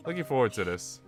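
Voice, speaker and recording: A man's voice: medium pitch, fairly bright tone, close to an everyday voice. A man voicing a harsh, haughty young woman director who talks in a bossy, gloating way.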